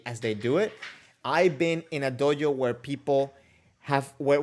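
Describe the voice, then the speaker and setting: A man hosting a casual livestream, answering viewer comments and questions in a rambling, joking way with many restarts. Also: on the high side. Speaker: kendo livestream host.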